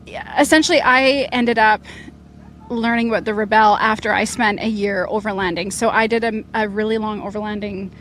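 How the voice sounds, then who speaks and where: A woman's voice: mid-range voice, steady tone, fairly quick, a bit bright, faint music behind. A young woman, a rally competitor, speaking in a casual interview with an upbeat, chatty manner and lots of fillers. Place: outdoors at an event finish line.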